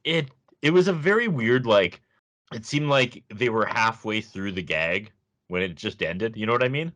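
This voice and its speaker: Low-voiced man, sarcastic podcast co-host. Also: expressive, moderate pace, a bit bright. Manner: laughs often, sarcastic asides. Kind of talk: casual review podcast chat.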